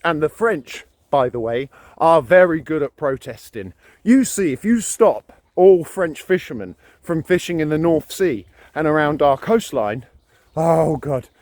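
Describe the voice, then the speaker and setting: A man's voice: on the high side, darkish tone. A British man delivering an emphatic, ranting opinion monologue to camera, often repeating his words for emphasis. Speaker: vlogger.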